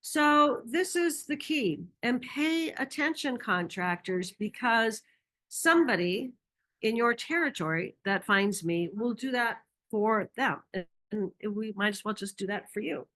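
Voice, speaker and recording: A woman presenting a marketing masterclass, energetic and enthusiastic, who acts out quoted dialogue and laughs often. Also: fairly high pitch, a little slow. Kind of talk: presentation talk.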